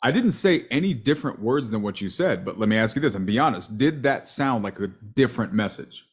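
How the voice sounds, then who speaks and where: A man's voice: fairly low pitch, brisk, slightly rough. A man coaching a sales rep, talking emphatically and checking in with "right?" all the time. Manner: emphatic, animated, asks "right?" constantly. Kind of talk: coaching call review.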